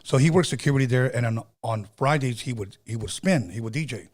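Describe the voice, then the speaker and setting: A middle-aged man hosting a podcast, telling stories in a loose, animated way with slang and cursing. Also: medium pitch, brisk. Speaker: podcast host. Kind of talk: casual storytelling chat.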